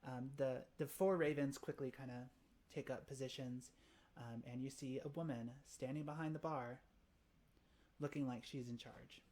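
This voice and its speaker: A woman narrating a tabletop game as game master, often pausing and restarting. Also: extremely low pitch, fairly even intonation, mellow. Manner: hesitant, many fillers and restarts.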